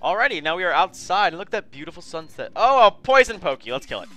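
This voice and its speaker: A man's voice: sits high, very animated, fast talker, bright, forceful tone, faint music behind. A man giving chatty video game commentary, often calling viewers his friends and apologizing for what he says. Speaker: let's play host.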